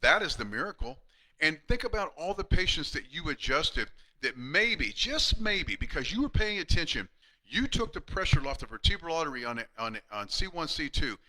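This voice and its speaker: A man in his fifties, a chiropractor giving an earnest live-streamed talk to colleagues, emphatic with many restarts and going quiet and hushed when retelling patient stories. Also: fairly high pitch, very animated, moderate pace, rough recording. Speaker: chiropractor speaking to fellow chiropractors.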